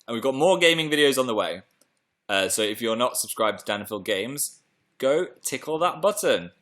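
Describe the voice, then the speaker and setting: A man's voice: mid-range voice, animated, moderate pace, a bit bright. A young British man hosting a casual live stream, chatting playfully and reading out viewer comments. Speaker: livestream host.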